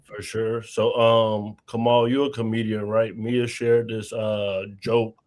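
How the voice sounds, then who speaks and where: A man's voice: fairly low pitch, level tone, slow, a little mellow. A man hosting a casual panel show, questioning and prodding his guests. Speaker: host.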